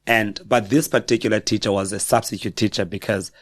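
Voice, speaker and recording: A middle-aged South African man with a South African accent, a guest on a podcast, telling personal stories in a reflective, halting way with frequent self-corrections. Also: fairly low pitch, steady tone, no echo, clean studio sound. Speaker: guest author. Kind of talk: personal storytelling in a podcast interview.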